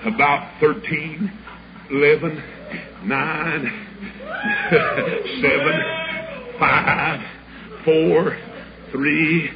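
Folksy preacher telling a story. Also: male voice, a little high, lively intonation, drawn-out words, pauses often. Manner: folksy, dramatic, acts out every voice in the story. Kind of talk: storytelling sermon. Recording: muffled old sermon recording with hiss.

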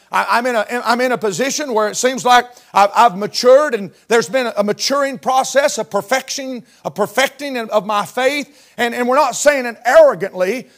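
A man in his fifties preaching a sermon with fervent delivery that swells into shouts and whoops. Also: very high-pitched. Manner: fervent Southern-style preaching, rising to shouts.

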